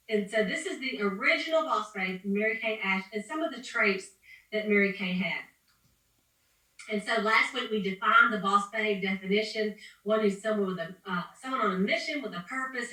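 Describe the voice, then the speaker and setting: A woman leads a motivational training call in an upbeat, preachy, rambling way. Her voice is bright and sits somewhat high. It sounds echoey and set back from the mic. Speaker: sales team leader. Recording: echoey room, distant from the mic.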